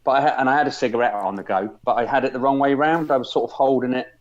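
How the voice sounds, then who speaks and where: A man's voice: medium pitch, fairly even intonation, racing. A man, a podcast guest, rambling through anecdotes with many restarts. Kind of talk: casual chat. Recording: dull lo-fi sound.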